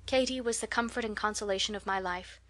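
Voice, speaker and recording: A woman's voice: mid-range voice, fast talker, fairly bright tone, close to an everyday voice. An eager little orphan girl of eleven pours out her daydreams in a breathless, romantic rush, as a woman reads her part. The voice sits in an ordinary middle register, full of wonder. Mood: wistful. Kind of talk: audiobook character reading.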